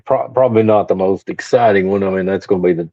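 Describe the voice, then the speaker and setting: A man's voice: deep voice, quick pace, dark tone, dry recording. A man who is a podcast guest, chatting casually and a little hesitantly. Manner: short agreeing replies, hesitant. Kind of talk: casual conversation. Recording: dull, dry lo-fi sound.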